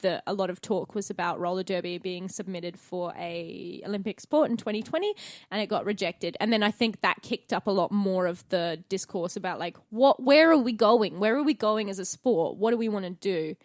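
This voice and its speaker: A woman's voice: medium pitch, moderate pace, dry recording, studio quality. A young Australian woman co-hosting a podcast, chatting casually and enthusiastically and swearing often. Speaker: podcast co-host. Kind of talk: casual chat.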